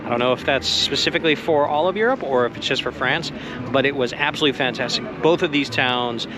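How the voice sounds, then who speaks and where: A man talks quickly in a medium-pitched voice, vlogging from a busy outdoor Christmas market. Chatty and excited, he tastes food and wine and voices his enjoyment, with street noise in the background.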